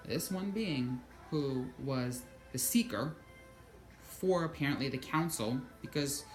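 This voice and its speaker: A woman vlogger telling a personal story in an animated monologue, swearing freely and quoting her own thoughts aloud. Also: very deep voice, slow, soft background music.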